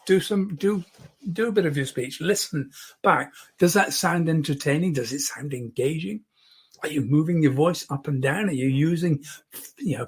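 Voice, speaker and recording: A man teaching an online public speaking lesson, demonstrating as he goes and often dropping to a soft voice close to the microphone. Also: on the high side, breathy edge.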